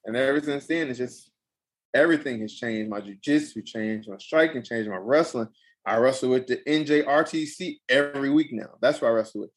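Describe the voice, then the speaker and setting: A young adult man, a pro fighter, telling a story in a casual interview, animated and emphatic, repeating phrases for effect. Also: medium pitch, fairly quick.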